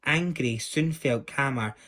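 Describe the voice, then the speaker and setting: A man reading a children's story aloud as the storyteller, lively and doing the voices. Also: mid-range voice, a little slow.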